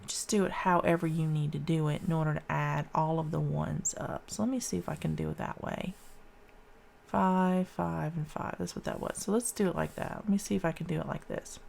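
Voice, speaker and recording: A woman's voice: sits low, fairly even intonation, brisk, creaky, a little mellow, slight background noise. A woman math teacher talking through a calculation step by step, counting aloud in a casual, informal way. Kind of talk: casual classroom math lesson.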